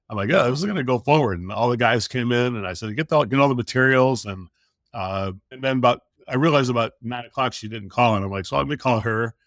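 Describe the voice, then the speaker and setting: A man's voice: mid-range voice, dry recording, clean studio sound. A middle-aged man on a podcast, telling a story casually and acting out the quotes in it. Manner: animated storyteller who acts out quotes. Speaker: podcast guest.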